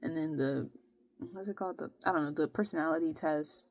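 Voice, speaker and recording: A young woman casually telling a long personal story, animated and exasperated, with plenty of slang. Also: low voice, brisk, no room sound. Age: young adult. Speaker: vlogger.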